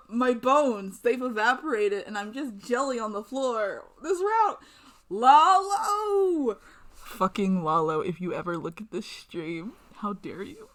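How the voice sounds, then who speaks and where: A woman's voice: a little high, a bit bright. A young woman streaming a visual novel, reading it aloud and reacting dramatically with groans and swearing.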